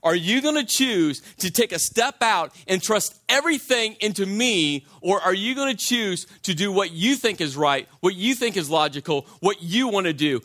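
A man's voice: high voice, animated, moderate pace, hardly any pauses, pushed and bright, pitched above the performer's own voice. A man voicing an earnest male teacher who challenges a follower with urgent rhetorical questions. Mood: pleading.

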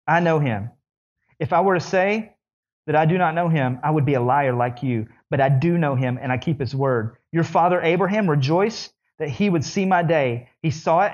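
Animated preacher with dull lo-fi sound. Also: male voice. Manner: animated, rising high when voicing questioners. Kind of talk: sermon.

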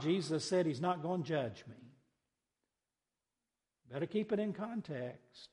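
A pastor preaching a sermon, swinging between quiet conversational asides and loud, emphatic cries. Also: male voice, a little high, expressive, a little slow, long pauses, long reverb tail.

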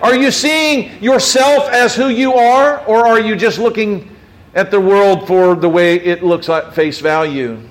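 Guy preaching a sermon, kinda high voice, chatty, lots of questions to the room. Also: unhurried. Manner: conversational preaching, rhetorical questions, repeated restarts. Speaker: pastor.

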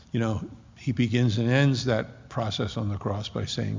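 A man preaching a sermon with impassioned, slowly drawn-out emphasis. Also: medium pitch, steady tone, creaky, darkish tone, husky. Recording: dull lo-fi with long hall reverb.

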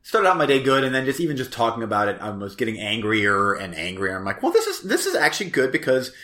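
A man co-hosting a podcast in casual chat, easygoing and quick to laugh. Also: mid-range voice, wildly swooping pitch, sharp tone. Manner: laughs often, easygoing, reflective. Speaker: podcast co-host.

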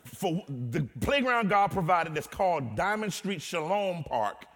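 A man's voice: a little high, sing-song, normal speed, few pauses, fairly bright tone. A man preaching a sermon as pastor, moving from humorous storytelling to impassioned preaching. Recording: long hall reverb.

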